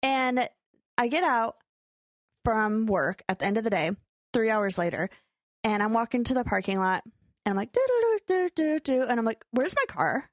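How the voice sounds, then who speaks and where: A young adult woman hosting a podcast, telling a story in a casual chat, animated and acting out her own quotes with frequent laughter. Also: fairly high pitch, normal speed, long pauses, no echo. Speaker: podcast co-host.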